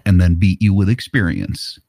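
A man with a very low voice chats casually on a podcast. His delivery is dry and jokey, and the sound is close and dry. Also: fairly even intonation, moderate pace, mellow, no echo. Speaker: podcast co-host. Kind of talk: casual chat.

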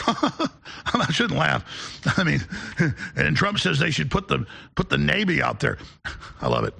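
A man hosting a call-in talk show, delivering a sarcastic rant with shouted outbursts. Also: fairly high pitch, huge pitch swings, moderate pace, gravelly, slightly rough. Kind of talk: ranting call-in show monologue.

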